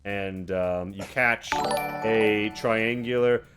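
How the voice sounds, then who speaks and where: Low-voiced game master, halting narration. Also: male voice, fairly even intonation, over music. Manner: halting storyteller, many fillers.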